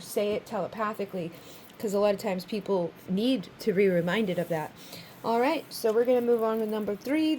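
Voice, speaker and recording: A woman talks through a tarot reading in a loose, chatty way. Her voice is mellow and warm, never sharp. She swears freely and slips into little acted-out quotes, over a faint room hum. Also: medium pitch. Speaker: tarot reader. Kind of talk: casual spoken tarot reading.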